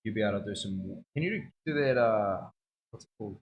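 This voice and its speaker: A man's voice: fairly low pitch, fast, muffled recording. A man, a tattoo artist chatting casually on a livestream, slangy and rambling, often laughing. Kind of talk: casual chat.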